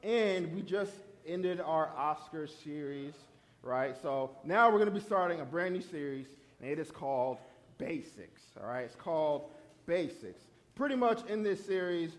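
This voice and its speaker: Upbeat young man preaching to youth. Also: a little high. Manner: lively, conversational, often asks "right?". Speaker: youth pastor. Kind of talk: sermon.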